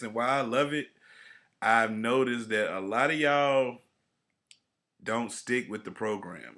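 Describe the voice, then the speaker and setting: A man's voice: on the low side, pushed and bright. A man co-hosting a casual podcast, talking in a laid-back, rambling way with lots of fillers. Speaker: podcast co-host.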